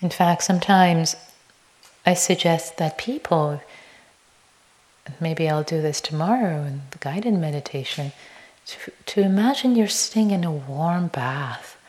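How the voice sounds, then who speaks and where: Woman, meditation teacher, dharma talk, slow unhurried delivery, gentle, sometimes whispered, playful at times. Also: low-pitched.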